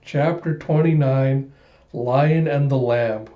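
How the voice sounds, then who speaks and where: A man eagerly retelling a comic book aloud in an excited, animated readthrough. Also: mid-range voice, slow pace, echoey room, muffled recording. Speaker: host reading a comic aloud.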